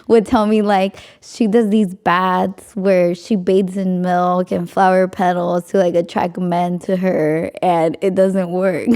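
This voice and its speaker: A young woman hosting a podcast tells a story in chatty conversation, saying "like" a lot and laughing often. Her voice is mid-range, with a dark, clean tone.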